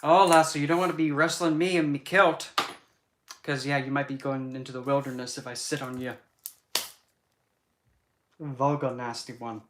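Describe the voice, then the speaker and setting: Man doing a kilted Scotsman, put-on Scottish brogue, loud and rough, bawdy, middle pitch. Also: fairly even intonation, normal speed, long pauses, reverberant, heavy background noise, close to an everyday voice.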